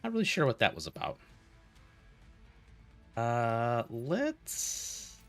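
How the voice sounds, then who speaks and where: A man streaming a game, chatting casually with viewers and telling rambling, animated stories between moves. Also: mid-range voice, slow, faint music behind. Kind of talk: casual gaming stream chat.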